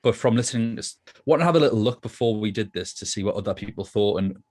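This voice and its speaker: A man's voice: lowish voice, lively intonation, fast, darkish tone. A man co-hosting a film review podcast, chatting casually and thinking aloud with plenty of restarts. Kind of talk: casual chat.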